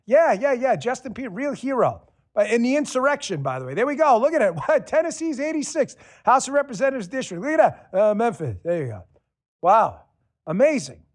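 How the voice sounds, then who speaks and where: A man's voice: very high-pitched, very animated, brisk. A man hosting a political talk show, delivering a sarcastic, combative monologue and swearing freely. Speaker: show host.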